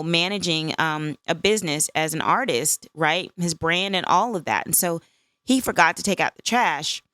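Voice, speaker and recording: A woman's voice: lowish voice, a bit bright, no room sound, studio quality. A woman in her fifties hosting a solo podcast, talking candidly in a conversational way and often checking in with "right?". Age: 50s. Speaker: podcast host.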